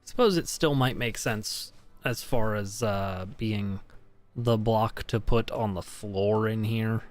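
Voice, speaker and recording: Relaxed man chatting while playing. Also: lowish voice, takes it slowly, no room sound, faint music behind. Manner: relaxed, musing, talks to teammates while mining. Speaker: gaming streamer. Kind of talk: casual gameplay chat.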